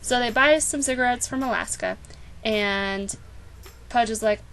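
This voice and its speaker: A woman's voice: fairly high pitch, unhurried, a bit bright, a little hiss or hum, low-quality recording. A woman vlogger giving a casual, sarcastic book summary with playful asides, now and then acting out the characters.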